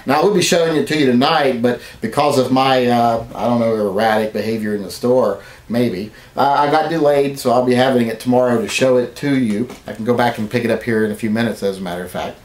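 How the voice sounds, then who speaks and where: A man's voice: mid-range voice, quick pace, hardly any pauses, roomy sound. A man vlogging a mock-serious apology to his channel viewers, rambling and working himself into mock outrage. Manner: rambling, deadpan then mock-outraged rants.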